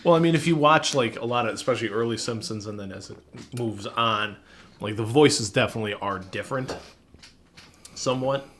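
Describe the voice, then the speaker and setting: A man's voice: mid-range voice, brisk, a bit bright, a little hiss or hum. A young man co-hosting a podcast in casual chat, rambling and correcting himself, laughing often. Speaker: podcast co-host.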